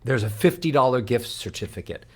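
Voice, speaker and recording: A man's voice: expressive, fairly quick, a little mellow, breathy edge. A man coaching as a vocal coach on a radio show, upbeat and encouraging. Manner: sings scales up into a very high head voice. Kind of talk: guest coaching on a radio show, singing warm-up scales.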